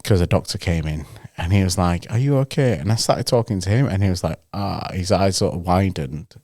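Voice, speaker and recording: A man's voice: sits low, fairly quick, no echo, studio quality. A man co-hosting a podcast, telling a story in a casual chat and acting out the people he quotes. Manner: animated anecdote-telling, acts out the people he quotes. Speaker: podcast co-host.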